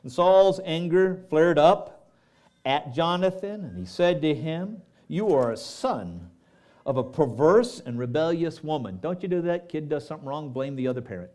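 A man preaching in church, reading a long passage aloud and stepping out of it to comment directly to his listeners. His voice sits a little high and moves widely up and down as he goes. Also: moderate pace. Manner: animated, asides to the congregation. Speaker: pastor. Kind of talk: sermon with scripture reading.

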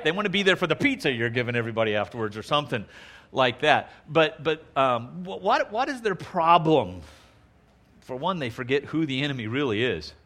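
A man with a bright, fairly high voice delivers a folksy sermon, talking to the congregation like old friends. He slips into louder, livelier voices when quoting people, then drops back to an easy conversational tone. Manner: folksy, conversational, uses y'all; acts out quotes in raised voice. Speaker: preacher.

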